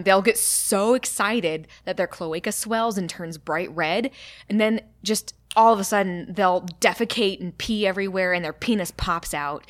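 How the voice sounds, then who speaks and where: Young adult woman, podcast co-host, excitable and laughing, dry close sound. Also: lowish voice, no room sound. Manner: excitable, laughing, explaining animal facts. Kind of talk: casual chat.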